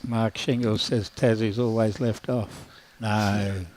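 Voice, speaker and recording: A man's voice: on the low side, level tone, slow pace, a little mellow, rough recording. A man with an Australian accent commentating a lawn bowls match live, calling shots with dry, joking banter.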